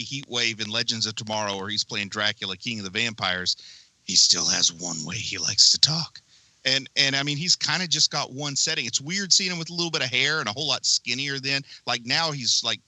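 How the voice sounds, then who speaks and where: A man's voice: medium pitch, bright, forceful tone, no room sound, low-quality recording. A young man co-hosting a casual movie podcast from his basement, rambling enthusiastically with lots of fillers. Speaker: podcast co-host. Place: home basement.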